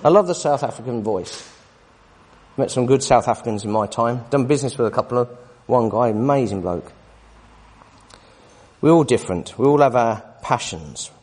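Animated husky preacher in a hall. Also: male voice, mid-range voice. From United Kingdom. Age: 40s. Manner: emphatic, tag questions to listeners. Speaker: Bible teacher. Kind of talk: sermon-style Bible study. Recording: long reverb of a hall.

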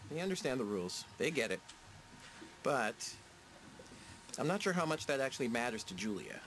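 A man's voice: medium pitch, sing-song, moderate pace, a bit bright, a little hiss or hum, rough recording. An actor playing a nerdy young man in a video game, talking in a dry, sardonic way. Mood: wry.

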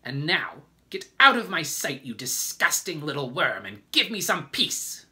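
A screeching, spiteful old aunt. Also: male voice, on the high side, big pitch swings, measured pace, sharp tone, pitched above the performer's own voice, exaggerated voice. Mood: scornful. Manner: screeching, snapping, scornful. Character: shrill cruel skinny old aunt. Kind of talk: storybook read-aloud.

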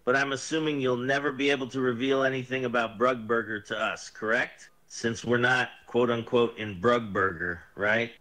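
A man's voice: medium pitch, steady tone, moderate pace, hardly any pauses, sharp tone, poor audio. A text-to-speech male voice reading the lines of a tired, frustrated police officer who keeps asking the same thing. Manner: tired, complaining, repetitive questioning.

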